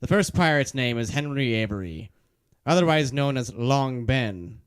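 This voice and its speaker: A man co-hosting a podcast, reading facts from his notes in a deadpan, joking way. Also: medium pitch, normal speed, slight background noise. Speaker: podcast co-host. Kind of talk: reading out notes in casual chat.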